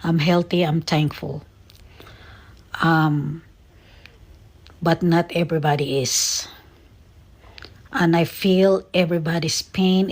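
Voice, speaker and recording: An American woman talking earnestly and sadly to her viewers, halting with many fillers and close to tears. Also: low voice, darkish tone. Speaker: vlogger. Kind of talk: casual emotional monologue to viewers.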